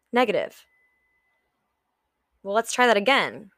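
Young woman, solo podcast host, unhurried and candid, swears casually, dry close mic. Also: mid-range voice, lively intonation, a bit bright, no room sound. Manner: candid, swears freely, acts out her own inner voice. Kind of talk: solo motivational podcast talk.

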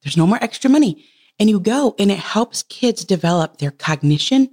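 A woman in her thirties, a podcast guest, telling a heartfelt personal story in casual conversation. She laughs often and leaps up in pitch when she quotes herself. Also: animated, normal speed, a little mellow. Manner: earnest and heartfelt.

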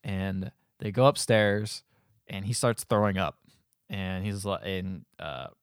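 A man's voice: low voice, takes it slowly, smooth, no room sound, studio quality. A young man casually recapping a film on a podcast, rambling and acting out the characters' lines. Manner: rambling, acts out quoted lines, laughs often. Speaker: podcast host.

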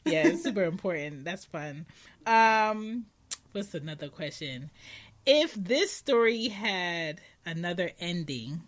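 A woman hosting a parenting podcast, talking casually and telling stories with animated energy. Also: on the low side, takes it slowly. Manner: animated, lively storyteller. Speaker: podcast host.

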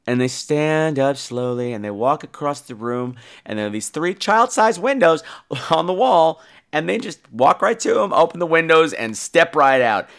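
A man hosting a podcast, casually reviewing a horror film, animated and jokey with casual swearing. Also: fairly high pitch, moderate pace, clean tone. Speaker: podcast host.

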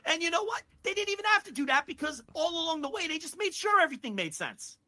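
High bright guy on a podcast going off, swearing a lot, super fired up. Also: sing-song, quick pace. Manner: heated, profane, fired-up ranting. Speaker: podcast co-host. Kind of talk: excited casual chat.

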